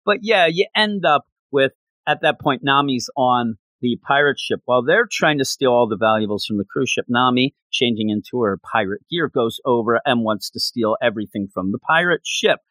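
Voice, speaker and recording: A man giving a casual recap of an anime episode, telling it with animated, acted-out quotes. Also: mid-range voice, moderate pace, no room sound. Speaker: anime reviewer.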